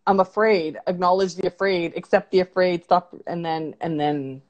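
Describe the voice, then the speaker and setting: A woman's voice: lowish voice, steady tone, normal speed, darkish tone, highs cut off. A woman life coach talking candidly and reflectively about feelings in a casual video call interview. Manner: reflective and candid, talks things through with many "like"s. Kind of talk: casual conversation on a livestream interview.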